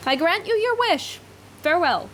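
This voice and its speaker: A woman voicing a proud young male fairy king who speaks formally and with measured reproach, while reading a story aloud. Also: extremely high pitch, animated, a bit bright, a little hiss or hum, voice pushed up. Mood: gentle, kingly.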